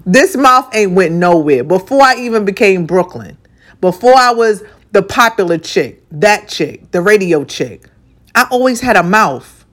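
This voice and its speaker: A woman's voice: medium pitch, animated, measured pace. Blunt, outspoken woman in her forties. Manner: blunt, outspoken and profane, with emphatic repetition; swings between soft and punchy delivery. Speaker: radio personality. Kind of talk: candid personal monologue.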